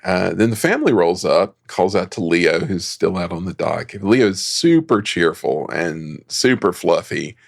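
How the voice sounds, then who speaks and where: A man's voice: low voice, expressive, unhurried, gravelly, few pauses. A man co-hosting a film society show, chatty and laughing as he recaps the plot in a casual way. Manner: chatty, laughing, many ums.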